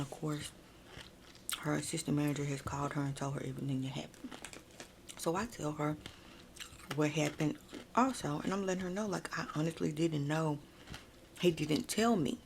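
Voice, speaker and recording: With a low, gravelly, darkish voice, a woman tells a casual ASMR story close to the mic over slight background noise. She addresses her viewers directly, chatting and leaning heavily on "like" and "y'all."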